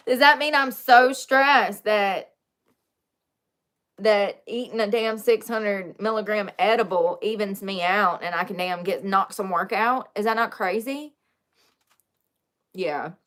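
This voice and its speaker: A young woman with a drawl talks casually to her viewers as she does her makeup. She is chatty and confessional, cracking jokes and laughing often at herself, with a voice of middling pitch. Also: a bit bright. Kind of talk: casual live-stream chat.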